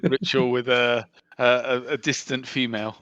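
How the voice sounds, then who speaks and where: A man's voice: mid-range voice, little pitch movement, moderate pace, a bit bright, highs cut off. A man co-hosting a podcast in casual chat, with dry, teasing banter. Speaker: podcast co-host.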